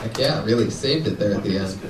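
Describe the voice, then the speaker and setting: A man hosting a comedy show who reacts quickly and laughs often. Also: fairly low pitch, expressive. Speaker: host. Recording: echoey, distant, loud noise.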